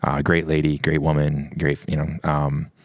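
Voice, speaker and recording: A man's voice: a bass voice, monotone, moderate pace, dry recording. A middle-aged man from the US East Coast telling stories in a casual chat, rambling with many restarts and quoted dialogue. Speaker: podcast guest. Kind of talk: casual storytelling.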